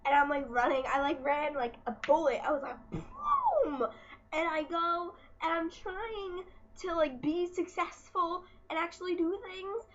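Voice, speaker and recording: A woman's voice: very high voice, normal speed, a bit bright, muffled recording. A teenage girl vlogging at home, chatty and exasperated as she retells her school day. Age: teens. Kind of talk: casual storytelling vlog.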